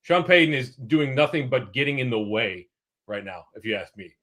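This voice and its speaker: A man's voice: medium pitch, animated, normal speed, fairly bright tone. Blunt mid-voiced man, co-hosting. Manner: blunt, opinionated takes. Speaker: co-host. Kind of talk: live sports talk show.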